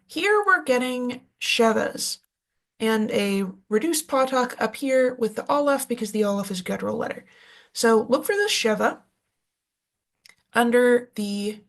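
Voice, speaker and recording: A woman with a fairly high voice gives a recorded lecture. She explains each point patiently and reads out lists of word forms one at a time, as she works through a textbook chart. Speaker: language teacher.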